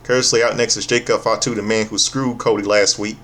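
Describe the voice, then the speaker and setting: A man with a lowish voice recaps a wrestling show in a loose, casual way. He is sarcastic and swears freely. He often stumbles over his words and restarts his sentences. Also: level tone, a bit bright. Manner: profane, sarcastic, halting with restarts.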